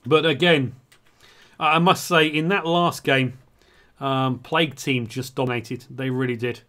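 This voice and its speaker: A man's voice: medium pitch, fairly even intonation, unhurried, sharp tone. A man, commentating on a live online tank match as the stream host, flustered and apologetic. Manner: flustered and apologetic, self-mocking. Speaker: esports caster and streamer.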